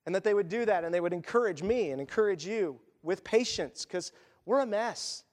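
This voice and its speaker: A man's voice: sits high, brisk, a little mellow, big-room sound. A man preaching a sermon as pastor, in a conversational style with asides and acted quotes.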